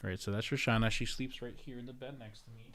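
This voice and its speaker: A man's voice: medium pitch, fairly even intonation, fast talker, very noisy. A man in his thirties with an American accent, hosting a casual livestream and rambling through viewer comments with lots of fillers. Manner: rambling and conversational, answering chat with frequent fillers. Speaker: livestream host and real estate agent.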